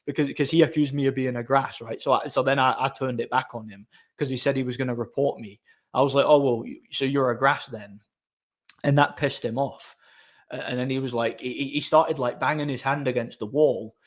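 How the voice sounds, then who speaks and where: A man's voice: mid-range voice, fairly even intonation, brisk. A man, casually telling a story as host of his own channel, repeating words and using many fillers.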